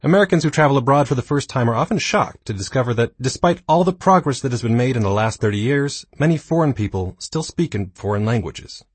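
A man in his thirties reading his own nonfiction book aloud, with dry, self-mocking humor and a slightly husky voice. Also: mid-range voice, expressive, fast talker, few pauses, dry recording. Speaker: audiobook narrator. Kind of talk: scripted nonfiction narration.

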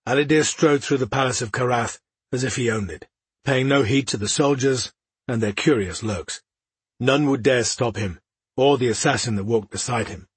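A man narrating a fantasy audiobook in a steady, measured reading style. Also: medium pitch, husky, no room sound.

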